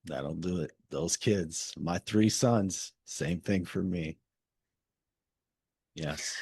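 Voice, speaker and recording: A male interview host with a very deep, husky voice, recorded close and dry. He speaks slowly, offering sympathetic affirmations to his guest. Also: darkish tone, no room sound. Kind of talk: casual interview chat.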